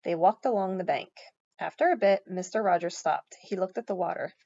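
A woman's voice: on the low side, a little fast, creaky, warm tone, dull audio. A woman reading a children's picture book aloud and adding her own comments on the story. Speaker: storybook reader.

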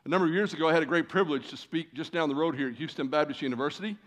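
A man of about sixty delivers a sermon to a big congregation. He tells stories in a folksy, self-deprecating way and fills his pauses with "uh." His voice sits a little higher than most men's. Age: 60s. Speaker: guest preacher. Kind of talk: sermon with storytelling. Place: church stage before a large congregation.

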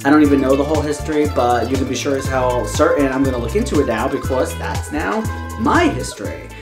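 Excitable young man, echoey room. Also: mid-range voice, brisk. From Colombia. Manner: excitable, animated, laughing asides. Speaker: vlogger. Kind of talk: casual talk to camera. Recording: echoey room with faint music.

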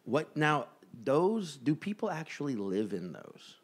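A male podcast co-host chatting casually, his pitch jumping around in a lively way. He rambles and pokes fun at himself. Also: measured pace, slightly rough. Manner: rambling, self-mocking, laughs often. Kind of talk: casual chat.

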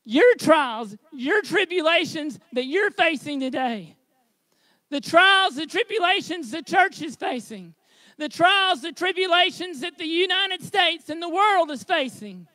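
High-voiced, slow-preaching male pastor. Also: expressive, no room sound. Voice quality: high tenor voice. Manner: earnest preaching that builds to shouted exhortation. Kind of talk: sermon.

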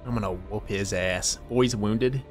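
A man's voice: on the low side, measured pace, faint music behind. A man giving casual, joking gameplay commentary and rambling as he plays. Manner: joking, rambling, laughs often. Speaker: let's play host.

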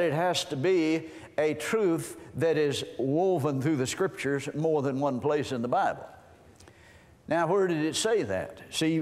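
Folksy preacher man in a reverberant hall. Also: a little high. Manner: folksy, reads scripture aloud and explains it. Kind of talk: sermon.

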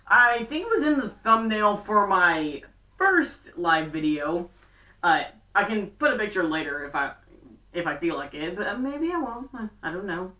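A woman chatting through a fan recap, rambling with plenty of fillers and quick bursts. Her voice is bright and a bit sharp. It sounds roomy and distant, as if the mic sits across the room. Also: fairly low pitch. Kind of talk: casual show recap.

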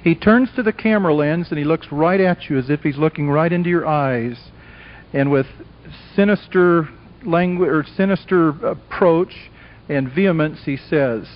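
A man's voice: a little high, moderate pace. A man giving an evangelistic lecture to a live audience, delivering it dramatically and emphatically and acting out the voices of characters in a story. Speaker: Christian speaker. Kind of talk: evangelistic lecture with acted dialogue. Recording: dull lo-fi old tape recording.

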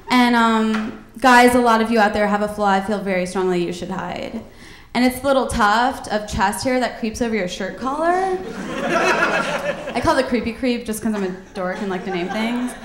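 A young woman doing a self-deprecating stand-up routine with wry deadpan asides on a comedy club stage, into a handheld mic. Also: a little high, normal speed, reverberant, noisy background.

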